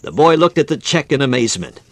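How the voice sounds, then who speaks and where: A man's voice: mid-range voice, very animated, fast talker, no echo. A man preaching a fervent sermon in an old-fashioned preaching cadence, telling stories and making appeals to his listeners.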